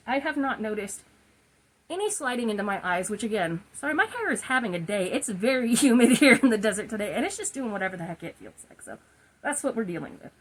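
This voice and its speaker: A woman in her forties chats through a skincare review from her room at home, goofy and laughing at her own stumbles. Her voice sits a little high and has a breathy, husky edge. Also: poor audio. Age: 40s. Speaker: skincare vlogger. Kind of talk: casual product review.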